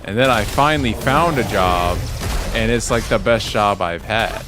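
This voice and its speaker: A man's voice: lowish voice, normal speed, music in the background. A man streaming a video game, chatting casually with viewers and swearing at the game when it goes wrong. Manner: animated, swears at the game and laughs. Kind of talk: casual gaming stream chat.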